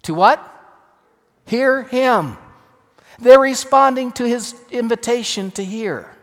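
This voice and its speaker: A man, a pastor, preaching a sermon with emphatic swings between loud and hushed delivery. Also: extremely high pitch, takes it slowly. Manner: emphatic, dramatic shifts in loudness. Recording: long reverb of a large hall.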